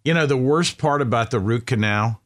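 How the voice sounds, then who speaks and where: A man co-hosting a casual chat show, chatty and quick to laugh. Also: mid-range voice, fairly bright tone. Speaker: podcast co-host.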